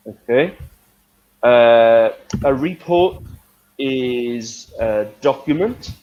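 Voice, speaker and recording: Man, English teacher, slow steady pace, muffled lo-fi recording. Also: medium pitch. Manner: joking, checks understanding with "yes?". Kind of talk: friendly lesson explanation.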